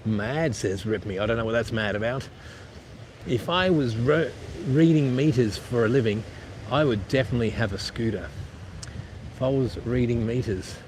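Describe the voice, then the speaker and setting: Aussie bloke rambling on a live stream from his e-bike, swears a bit, loud wind and traffic behind. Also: mid-range voice, normal speed. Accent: Australian. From eastern Australia. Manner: rambling, blunt, swears casually, self-mocking. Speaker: vlogger. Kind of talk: casual live-stream chat while riding. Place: outdoors on a coastal bike path. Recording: outdoor wind and traffic noise.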